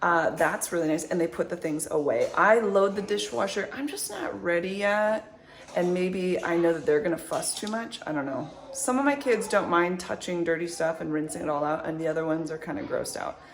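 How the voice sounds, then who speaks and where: Woman, 30s, casual vlog chat, upbeat, rambling, slightly low voice. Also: moderate pace. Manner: chatty, upbeat, rambling with fillers. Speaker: vlogger, mother.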